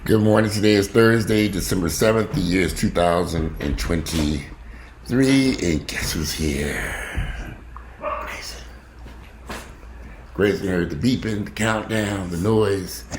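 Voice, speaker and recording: Low-voiced, profane man telling a story. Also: measured pace. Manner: profane, animated, colloquial. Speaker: vlogger. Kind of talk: casual storytelling. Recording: echoey room with faint background noise.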